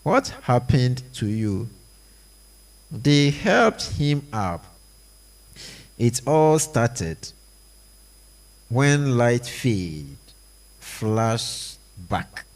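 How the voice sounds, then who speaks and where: A man reading a stage play aloud, voicing every part and the stage directions in a slow, deliberate way. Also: medium pitch, sing-song.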